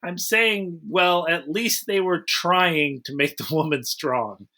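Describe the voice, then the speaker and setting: A man's voice: a little high, takes it slowly, bright, forceful tone. A man hosting a casual movie review podcast, rambling through recaps and acting out scenes. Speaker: podcast host.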